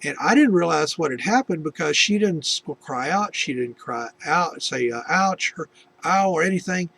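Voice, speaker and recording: Middle-aged guy from the us, gravelly husky voice, rambling faith story with lots of restarts. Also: on the high side, lively intonation, normal speed, a bit bright. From United States. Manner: rambling, with many restarts and asides. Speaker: video testimony host. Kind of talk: personal faith testimony storytelling.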